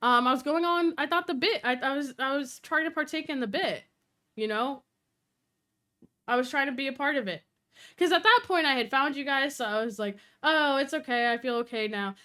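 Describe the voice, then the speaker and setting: A young woman streamer chatting casually on a live stream, telling stories quickly, swearing, and acting out quoted voices. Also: high-pitched, bright, forceful tone.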